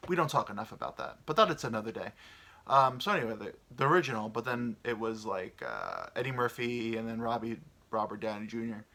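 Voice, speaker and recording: Lively bright-voiced rambling man. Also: medium pitch, a little fast. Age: 30s. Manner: meandering, swears casually, muses aloud. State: tired from little sleep. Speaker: podcast host. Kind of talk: rambling solo chat.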